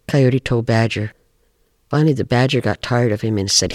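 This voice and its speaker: A man's voice: medium pitch, no room sound. Man telling a folk tale, dry close sound. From Pacific Northwest. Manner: measured, animated storytelling. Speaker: storyteller. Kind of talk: oral folk storytelling.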